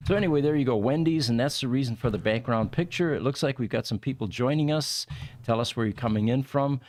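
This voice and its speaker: A man's voice: mid-range voice, quick pace, a little mellow, no room sound. A man hosting a livestreamed podcast, chatting casually and rambling through explanations with many fillers. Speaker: podcast host.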